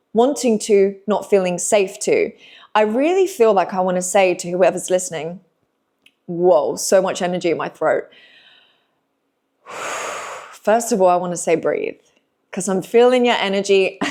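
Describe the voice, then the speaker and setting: A young woman speaks softly and reassuringly, delivering an intuitive spiritual message straight to her listeners. Her voice sits in an ordinary middle pitch, and she slows down with sighs and emotional pauses. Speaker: intuitive reader speaking to viewers. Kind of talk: spiritual channeled message to camera.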